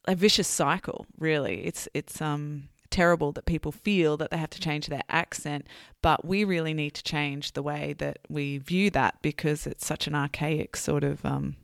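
Woman podcast host, deep, smooth voice, frank and chatty. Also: fairly even intonation, normal speed, no echo, studio quality. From Australia. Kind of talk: podcast conversation.

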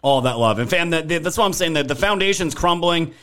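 A man's voice: on the high side, expressive, brisk, fairly bright tone. A man hosting a political live stream, ranting in a heated, profane way and thanking viewers in chat. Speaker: livestream political commentary host.

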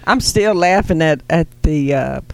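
A woman co-host chats casually and teases, with a very lively, animated pitch. She chimes in often between the host's lines. The sound is dry and close. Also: unhurried, vocal fry, dry recording. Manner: chiming in, laughing, teasing. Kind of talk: casual chat.

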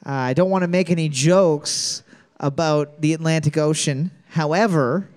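A man's voice: a little high, normal speed, a little mellow. A man hosting a trivia podcast, reading each question twice and riffing with crude jokes. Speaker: trivia host. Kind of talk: casual comedic podcast banter.

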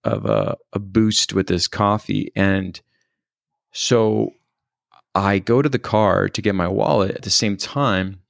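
A man recounting a personal experience speaks in a very low, gravelly voice thick with fry, yet his intonation is lively. He's thoughtful and hesitant, frequently pausing and restarting, on a dry, close recording with no echo.

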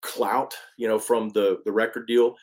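A man's voice: on the low side, flat delivery, a little slow, darkish tone. A man from East Texas, a country singer telling his story as an interview guest in a casual, emphatic way with many restarts.

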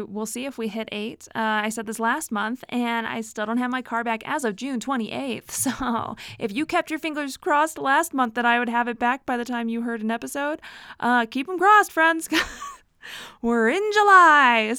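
Chatty higher-voiced woman podcaster. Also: fairly even intonation, moderate pace, a bit bright, clear, resonant tone, dry recording, studio quality. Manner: chatty, self-reflective, laughs often, frequent fillers. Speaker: podcast host. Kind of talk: casual solo podcast talk.

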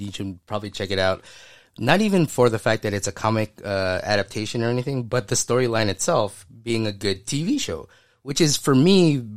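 A man's voice: on the low side, dry recording, studio quality. A man co-hosting a casual pop-culture podcast, talking enthusiastically, rambling and often laughing. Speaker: podcast co-host. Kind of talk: casual chat.

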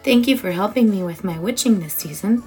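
A woman's voice: mid-range voice, brisk, darkish tone, soft background music, close to an everyday voice. A woman voicing a small, earnest young girl witch who is crying and pleading in a quavering voice. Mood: tender.

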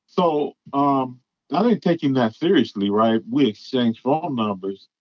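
A man telling a long story in a casual, halting way, full of ums and restarts. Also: mid-range voice, a little mellow, no room sound. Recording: dull lo-fi recording.

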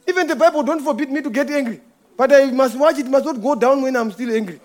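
A middle-aged man preaching a sermon, telling a personal story with repeated words, swinging from loud bursts to hushed asides. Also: very high voice, fast talker.

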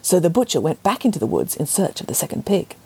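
A woman narrating a children's storybook in an expressive, playful way. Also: fairly low pitch, quick pace, vocal fry, breathy edge.

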